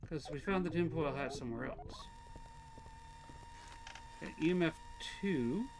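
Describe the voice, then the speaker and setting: A man's voice: on the high side, sing-song, a little slow, background noise. A Canadian man casually commenting on a game he is playing live, reading its text aloud and chatting with viewers. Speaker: streamer.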